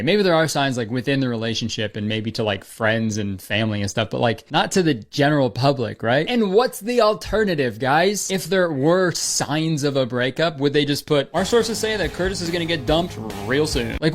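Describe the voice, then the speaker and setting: A young man doing sarcastic comedic commentary as a YouTuber, swearing freely and jumping into silly voices. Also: mid-range voice.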